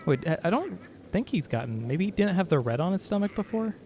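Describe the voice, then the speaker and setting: A man with a high voice, big pitch swings, and a dark tone talks briskly while streaming a video game. He jokes around with viewers in casual chat and reads the in-game dialogue. Behind him are faint game music and a little background noise.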